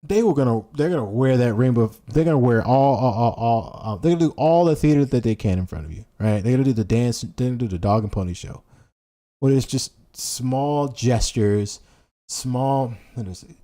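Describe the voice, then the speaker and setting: Man, political commentary stream, animated intonation, warm dark timbre, stumbling restarts, repetitive emphasis. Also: mid-range voice, moderate pace. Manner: stumbling over words, many restarts; emphatic, repeats phrases for effect. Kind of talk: casual political rant, reading headlines.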